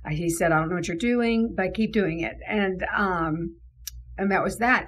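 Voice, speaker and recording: A woman's voice: lowish voice, moderate pace, breathy edge, poor audio. A woman who leads a mission, telling an earnest faith testimony with many fillers. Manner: earnest, emotional, full of fillers. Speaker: ministry leader. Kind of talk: testimony storytelling.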